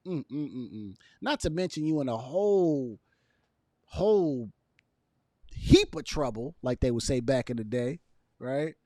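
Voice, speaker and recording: A man's voice: medium pitch, big pitch swings, measured pace, warm tone, dry recording, studio quality. A man giving casual opinion commentary to camera, emphatic and repetitive, with chuckles between his points. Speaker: video commentator.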